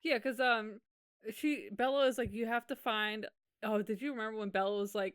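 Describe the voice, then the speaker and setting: A woman's voice: a little high, fairly even intonation, moderate pace, clean tone, dry recording, clean studio sound. A woman co-hosting a podcast, reacting to a reality show recap with incredulous remarks. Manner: reactive, incredulous, laughs along. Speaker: podcast co-host. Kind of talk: casual recap chat.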